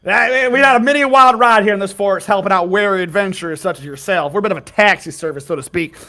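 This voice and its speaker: A jovial, tipsy skeleton guide, put on by a man running a tabletop game, rambling in a folksy drawl and chuckling to himself. The voice sits high and bright, with a forceful edge. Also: quick pace. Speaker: game master.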